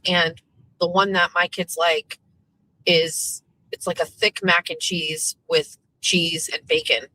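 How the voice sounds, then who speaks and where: Bright, chatty New woman host. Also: fairly low pitch, rough recording. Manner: chatty, swears casually, animated storytelling. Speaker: show host. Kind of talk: casual morning show chat.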